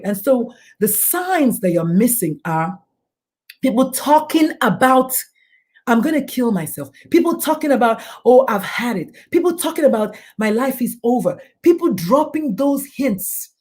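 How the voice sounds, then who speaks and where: Appearing as a talk show guest, this middle-aged doctor and suicide prevention speaker talks at a moderate pace in a high-leaning, slightly mellow, very animated voice. She's emphatic and preachy and frequently acts out those she quotes.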